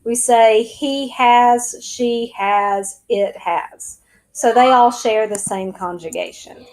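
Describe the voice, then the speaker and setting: A woman teaching a recorded lesson in a brisk, direct way, with light jokes. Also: on the high side, a little mellow, rough recording. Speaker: Spanish teacher.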